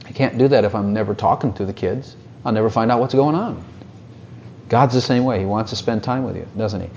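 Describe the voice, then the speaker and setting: A man's voice: medium pitch, fairly quick, darkish tone. Conversational preacher man, faint hum. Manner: conversational, rhetorical questions, mock voices. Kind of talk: sermon.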